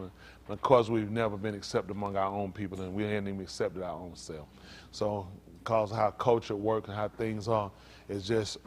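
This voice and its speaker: A man, a pastor preaching in an informal, joking way. He laughs, teases the congregation and keeps asking "isn't that right?". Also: lowish voice. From United States. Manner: animated, laughing, teasing the congregation. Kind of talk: informal joking sermon talk.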